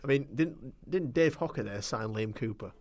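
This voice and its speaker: A man's voice: mid-range voice, lively intonation, moderate pace, a little mellow, no room sound. A man co-hosting a casual football chat, wry and level-headed with dry humour. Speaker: podcast co-host.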